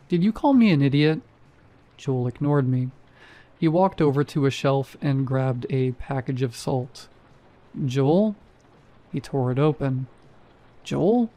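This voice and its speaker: A man's voice: mid-range voice, dark tone. A man reading a first-person horror story aloud, dropping wry, sarcastic asides.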